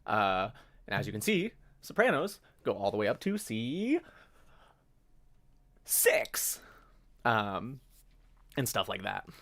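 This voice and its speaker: A man's voice: fairly low pitch, big pitch swings, a little slow, fairly bright tone. A young man hosting a casual songwriting livestream, rambling and correcting himself as he talks, now and then singing a note. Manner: rambling, self-correcting, breaks into sung notes. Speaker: livestream host.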